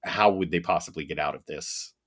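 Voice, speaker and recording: Deep-voiced male podcast co-host. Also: brisk, a bit bright. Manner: chatty, thinks aloud with fillers and chuckles. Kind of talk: casual chat.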